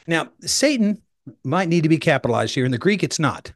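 A male pastor preaches in a relaxed, conversational way and sounds eager as he explains. His voice sits a little high for a man. It comes across dry and close, with no room sound. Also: brisk, no room sound. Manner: enthusiastic, chatty and explanatory. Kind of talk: conversational sermon.

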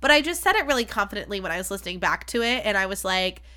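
Bright, frank woman podcast host. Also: medium pitch, animated, rapid-fire. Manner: frank, swears freely, chatty and self-deprecating. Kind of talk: candid solo podcast talk.

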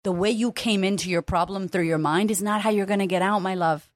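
A woman's voice: mid-range voice, fairly even intonation, brisk, dry recording, clean studio sound. A woman hosting her own podcast as a confidence coach, talking frankly and emotionally and swearing freely. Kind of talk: candid solo podcast monologue.

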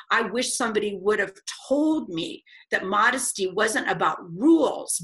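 Bright, animated woman telling her story. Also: mid-range voice. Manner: animated, acts out quoted voices. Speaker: guest speaker. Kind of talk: storytelling in a podcast interview.

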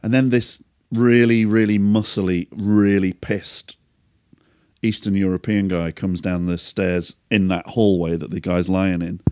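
A man with a fairly low voice, chatting casually as a podcast co-host. He swears freely, tells stories in a loose, anecdotal way and keeps slipping into quoting people. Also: steady tone, a little slow, darkish tone, clean tone, no room sound, studio quality.

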